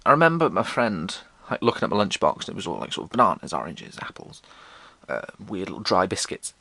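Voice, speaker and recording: A young man telling comic school stories in a casual monologue, swearing and mocking himself, slipping into squeaky voices for the people he quotes. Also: wildly swooping pitch, a little fast, gravelly, sharp tone, slightly rough, dry recording. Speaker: podcast host.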